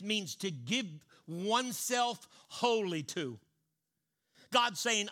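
A male preacher delivering a sermon in a high, bright voice. He tells stories in hushed asides, then rises into loud declarations. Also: very animated, takes it slowly.

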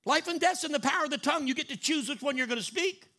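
A male pastor preaching a sermon emphatically, slowing down to stress key words and having the congregation repeat lines after him. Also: extremely high pitch, sharp tone.

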